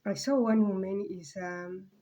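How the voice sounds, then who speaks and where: Brief: woman vlogger, mellow soft voice, halting and rambling, slips to near whispers. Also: mid-range voice. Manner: halting, rambling, many fillers and restarts. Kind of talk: casual personal vlog monologue.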